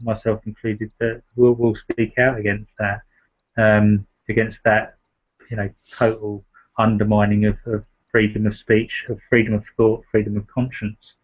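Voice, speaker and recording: Halting man on a lo-fi call. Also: fairly low pitch, flat delivery. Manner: halting, many fillers and restarts. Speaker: host. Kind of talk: casual discussion. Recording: dull lo-fi sound.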